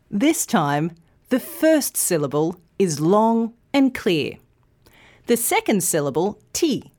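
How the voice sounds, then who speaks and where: Slow, clearly enunciating woman teacher. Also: mid-range voice, darkish tone. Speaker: English pronunciation teacher. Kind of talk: scripted pronunciation lesson.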